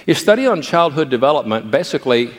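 A man's voice: mid-range voice, big pitch swings, fast, big-room sound. An older male pastor who gives a sermon through playful anecdotes about family life.

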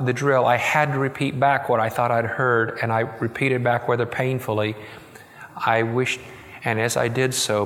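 Middle-aged male preacher, storytelling sermon, mid pitch, reverberant church hall. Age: middle-aged or older. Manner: storytelling, quoting, slowing and softening for tender moments. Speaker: pastor.

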